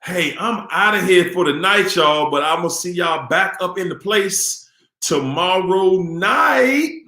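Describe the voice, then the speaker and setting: A man hosting a live stream in a relaxed, upbeat way, greeting viewers by name as he signs off. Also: on the high side. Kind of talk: casual live-stream sign-off. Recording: echoey room.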